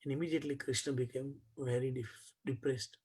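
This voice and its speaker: A man telling a devotional story in a class, animated and full of restarts. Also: medium pitch, a little fast, slightly rough. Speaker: spiritual teacher.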